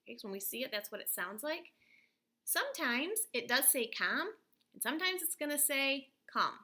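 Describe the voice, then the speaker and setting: A woman's voice: high-pitched, animated, sharp tone. A woman teacher giving a recorded phonics and spelling lesson, patiently spelling out letters and sounds. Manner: patient, slow letter-by-letter explaining.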